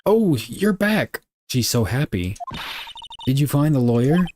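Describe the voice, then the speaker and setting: A man voicing a cheerful but anxious young woman, higher than his own voice. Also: big pitch swings, a little slow, noisy background. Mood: hopeful.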